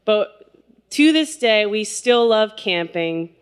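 A woman casually telling a funny personal story, animated, laughing and acting out quotes. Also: mid-range voice, slow pace, smooth.

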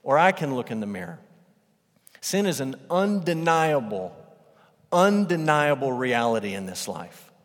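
A man's voice: mid-range voice, very animated, measured pace. Emphatic male pastor in a reverberant hall. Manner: emphatic, repeats phrases for weight. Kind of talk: sermon. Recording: long reverb of a large hall.

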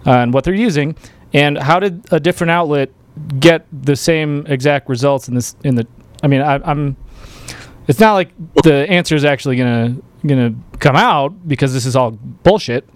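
A man hosting a live political talk show, speaking in an animated, emphatic way. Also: on the high side, moderate pace, no room sound. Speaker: host.

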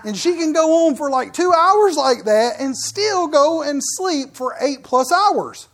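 A man's voice: very high voice, animated, a little slow, a bit bright. A middle-aged man preaching a sermon as pastor, in a folksy, joking, conversational way.

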